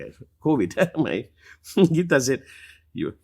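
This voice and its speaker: Husky, animated man teaching with passion. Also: unhurried. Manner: emphatic, passionate, lively swings in pitch and loudness. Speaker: spiritual teacher. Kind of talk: live Q&A talk.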